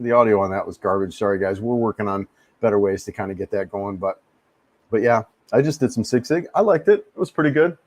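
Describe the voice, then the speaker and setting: A man's voice: on the low side, a little mellow, no echo. A man, hosting a casual live stream, easygoing and rambling, often repeating his words. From United States. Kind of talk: casual live-stream chat answering viewers. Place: home in the Philippines. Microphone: desk mic he adjusts.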